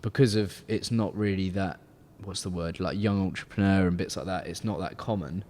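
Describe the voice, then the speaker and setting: A man's voice: low voice, moderate pace, darkish tone, slight background noise. A man of twenty, hosting a casual podcast chat and rambling with lots of fillers and restarts. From England. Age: 20s. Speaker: podcast host, car detailing business owner. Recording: long hall reverb.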